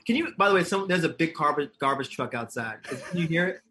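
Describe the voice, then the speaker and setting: An actor and comedian being interviewed speaks a little high and a little fast, with a crowd in the background. He tells stories casually and animatedly, acting out quotes and laughing often.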